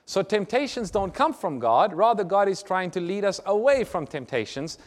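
A man's voice: sits high, big pitch swings, normal speed. A man preaching a sermon, reading scripture aloud, explaining it and asking his listeners rhetorical questions. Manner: asks the audience rhetorical questions. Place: church or lecture hall with a screen.

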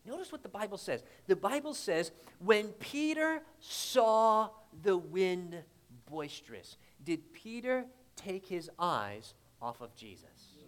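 A man preaching a sermon, who retells a scripture story vividly and asks the congregation rhetorical questions, moving from loud declarations to hushed asides. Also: sits high, big pitch swings, slow pace.

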